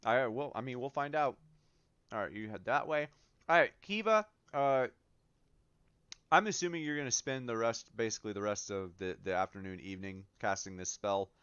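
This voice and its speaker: A man narrating as game master of a tabletop game, relaxed and full of ums and uhs. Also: medium pitch, normal speed, clear, resonant tone, no echo. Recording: dull lo-fi mic, dry.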